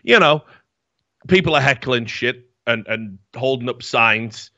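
A man's voice: mid-range voice, expressive, unhurried, bright, forceful tone, dry recording. A man hosting a podcast, telling rambling stories in casual chat, full of fillers and swearing. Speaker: podcast host. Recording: slightly dull, dry mic sound.

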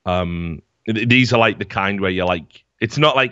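A man's voice: low voice, normal speed, few pauses, a bit bright, no echo. A young man telling rambling, profane stories in a casual chat as podcast host. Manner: rambling, profane storytelling with many fillers. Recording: dull, dry lo-fi mic.

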